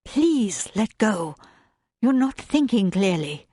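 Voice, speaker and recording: A woman's voice: medium pitch, sing-song, slow, mellow, slightly rough, no echo, clean studio sound, voice pushed up, full character voice. A woman voicing a frightened, earnest young governess who pleads in a raised, distressed voice in an audiobook. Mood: pleading.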